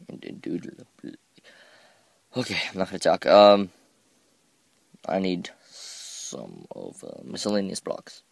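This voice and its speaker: Playing through a game, a man gives rambling, self-deprecating commentary and often trips over words. His deep voice carries a gravelly fry, and the close, dry recording has no room sound at all.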